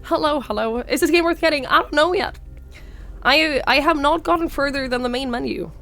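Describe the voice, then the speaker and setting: A young woman from Norway with a slight Norwegian accent, speaking hoarsely while sick, chatting casually on a live stream and thanking viewers by name. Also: high-pitched, a little fast, a bit bright, faint music behind. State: hoarse, sick with a sore throat.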